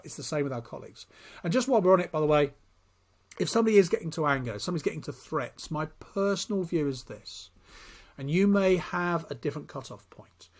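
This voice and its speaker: A man giving a spoken training lecture on workplace conversations, talking directly and acting out short example dialogues. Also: a little high.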